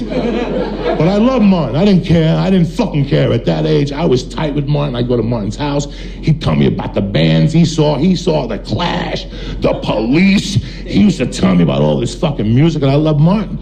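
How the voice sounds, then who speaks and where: A middle-aged man from New Jersey doing stand-up storytelling on stage before a live audience, blunt and profane, talking in quick bursts. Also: on the high side, gravelly, poor audio. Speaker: stand-up comedian.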